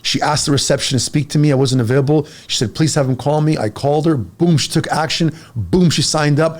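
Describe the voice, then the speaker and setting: A man in his forties, a fitness coach talking in a casual podcast chat, energetic and blunt, pushing listeners with emphatic advice. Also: fairly high pitch, fast talker.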